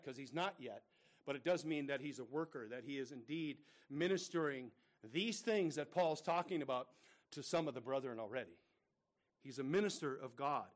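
High-voiced male preacher, earnest. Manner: earnest, rhetorical questions, addresses listeners as brethren. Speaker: pastor. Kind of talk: sermon.

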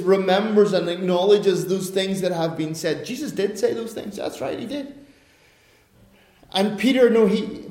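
A man's voice: high-pitched, dark tone. A man preaching a sermon in a conversational way, now and then acting out the voices of the people in his story. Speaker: pastor. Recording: echoey room.

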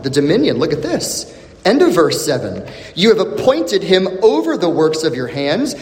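A man preaching a sermon, expressive and dramatic, repeating questions for emphasis with long pauses. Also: high voice. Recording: echoey hall with long reverb.

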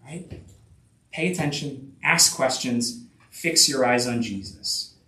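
A man preaching a sermon, halting and full of restarts, asking his listeners rhetorical questions. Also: mid-range voice, lively intonation, sharp tone, roomy sound, far from the mic, poor audio. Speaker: pastor.

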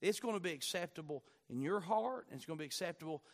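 High-voiced impassioned preacher. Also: male voice, expressive, quick pace. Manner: impassioned, surging from quiet to near-shouting. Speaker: pastor. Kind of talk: sermon.

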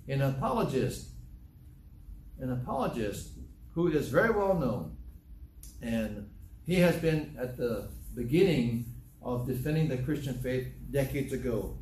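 A man's voice: medium pitch, a little mellow, a little hiss or hum. An older man preaching a sermon emphatically, quoting scripture in old-fashioned English. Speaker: pastor. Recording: echoey room from a distance, faint ambience.

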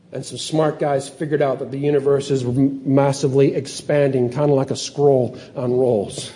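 A man preaching a sermon, telling stories with lively energy and sometimes acting out excited scientists in a higher voice. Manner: animated storytelling, acts out excited scientists in a higher voice. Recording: long hall reverb.

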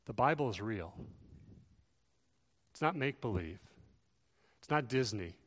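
A man preaching a sermon, earnest, swelling louder and dropping soft to stress his points. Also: fairly low pitch, lively intonation, measured pace. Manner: earnest, rises and falls in volume for emphasis. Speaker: pastor. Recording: long reverb of a large hall.

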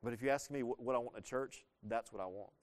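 Earnest pastor preaching with rhetorical questions. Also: male voice, mid-range voice, quick pace. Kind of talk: sermon.

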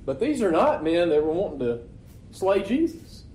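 A man's voice: sits high, big pitch swings, normal speed, dark tone, a little hiss or hum. Conversational male preacher in echoey church. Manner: conversational, asks rhetorical questions. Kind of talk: sermon. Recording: echoey room.

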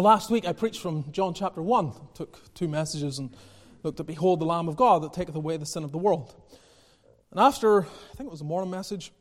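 Impassioned high-voiced male pastor. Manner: passionate, rising to near-shouting then dropping low; repeats phrases, chuckles. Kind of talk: sermon.

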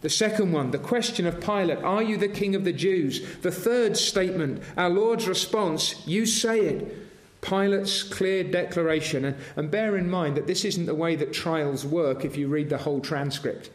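A man's voice: sits high, moderate pace. A man preaching a sermon, earnest and asking his congregation rhetorical questions. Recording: roomy echoing hall.

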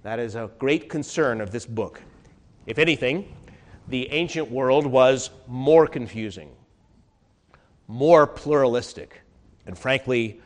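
A man pastor delivering an earnest sermon to his congregation, his pitch and loudness swinging widely as he preaches. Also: takes it slowly, pauses often. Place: warm, crowded church hall. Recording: reverberant hall.

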